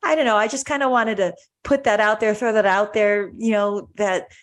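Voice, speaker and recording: A woman's voice: medium pitch, fairly even intonation, moderate pace. Woman podcast cohost, chatty and earnest, lots of ums and restarts, just telling a story. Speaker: podcast co-host, doctor. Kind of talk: casual podcast chat.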